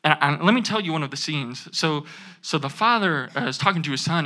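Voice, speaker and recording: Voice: mid-range voice, expressive, fairly quick, bright, forceful tone. A young adult student giving an earnest sermon, repeating key phrases and asking the audience to say them back. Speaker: student speaker.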